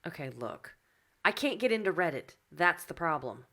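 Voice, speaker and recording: Woman, podcast co-host, lowish voice, lively pitch, sassy, swears, casual chat. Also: moderate pace. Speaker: podcast co-host reading news.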